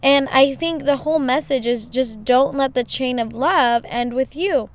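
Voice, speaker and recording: Chatty woman podcaster, smooth higher voice. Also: a little slow. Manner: chatty, leans on "you know" fillers. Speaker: podcast host. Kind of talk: casual storytelling monologue.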